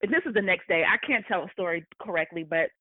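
A woman telling a workplace story in casual chat, animated, swearing freely and often breaking into laughter. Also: fairly low pitch, fast, dry recording. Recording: thin phone-like dry sound.

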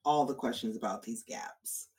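A woman in casual chat about a TV show, expressive and profane, acting out quotes. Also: rumbling low, moderate pace.

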